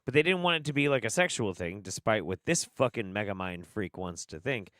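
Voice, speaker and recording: A man's voice: fairly low pitch, expressive, brisk, fairly bright tone, dry recording, clean studio sound. A man hosting a casual commentary stream, swearing and laughing, with an exasperated delivery. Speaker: streamer host.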